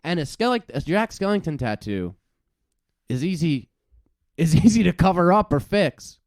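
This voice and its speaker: A man's voice: a little high, sing-song, normal speed, a little mellow, no echo, studio quality. A man co-hosting a comedy podcast, chatting casually, often laughing and swearing as he talks. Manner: laughing, profane, conversational.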